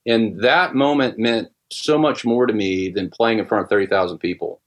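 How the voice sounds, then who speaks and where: A middle-aged man telling a personal story in casual podcast talk, halting with many restarts and fillers. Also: lowish voice. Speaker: guest musician.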